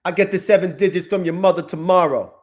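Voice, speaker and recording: Male streamer, forties, slightly high voice, casual and profane, chats with viewers. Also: quick pace, a little mellow, highs cut off. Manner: profane, restless, talks to chat. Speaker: trading livestream host. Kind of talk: casual live-stream chat.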